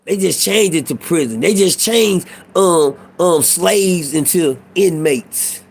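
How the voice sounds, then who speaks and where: A man's voice: on the high side, animated, takes it slowly. A middle-aged man talking in a casual monologue, telling a profane, preachy prison story in street talk. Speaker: vlogger.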